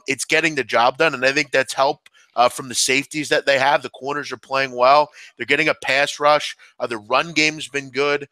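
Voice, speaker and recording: A man's voice: a little high, pushed and bright, dry recording. A man breaking down a football team in casual sports analysis, talkative and often saying "I mean". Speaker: sports bettor.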